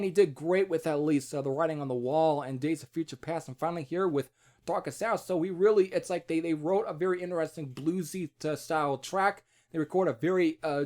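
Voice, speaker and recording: A man giving a casual spoken album review, rambling with many restarts and fillers and the odd curse. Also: high-pitched.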